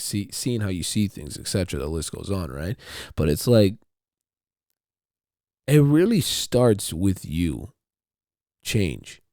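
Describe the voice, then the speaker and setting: Rambling, profane man with a low voice. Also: darkish tone, no echo, studio quality. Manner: rambling, profane, repeats himself. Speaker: podcast host. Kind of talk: casual solo monologue.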